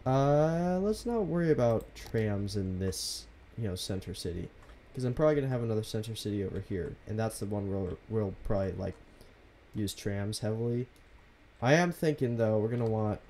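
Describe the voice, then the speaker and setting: A young man streaming a city-building game from his home computer, chatting casually with viewers in a soft, half-whispered, laid-back way. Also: fairly low pitch, slight background noise. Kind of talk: casual live-stream commentary.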